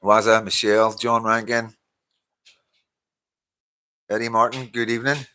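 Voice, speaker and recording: A man's voice: fairly low pitch, little pitch movement, measured pace, sharp tone. A tired Northern Irish man hosting a casual live stream, greeting viewers by name, laughing often and swearing freely. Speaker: livestream host reading viewer comments.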